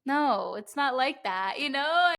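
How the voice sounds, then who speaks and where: A young woman from New Jersey with a New Jersey accent, hosting a podcast and telling stories in an animated way, full of "like"s and quick laughing asides. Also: high voice, crowd noise. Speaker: podcast host. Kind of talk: casual interview chat.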